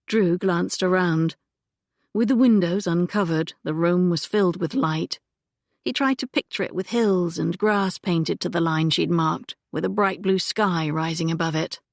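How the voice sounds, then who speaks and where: A woman narrating an audiobook in a measured, even manner on a close microphone. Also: lowish voice, no room sound.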